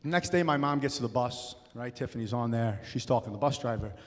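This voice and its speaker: A young man doing a stand-up comedy set, loud and punchy, slipping into acted-out voices. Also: mid-range voice, quick pace. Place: comedy club stage. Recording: live room with long reverb.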